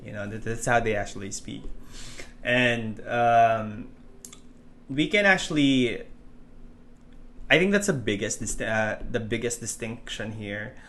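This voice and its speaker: A man's voice: fairly low pitch, animated, measured pace, pauses often, a bit bright. A man with a Filipino English accent, teaching an online course in a chatty, loose way with many fillers and restarts. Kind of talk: casual tutorial explanation.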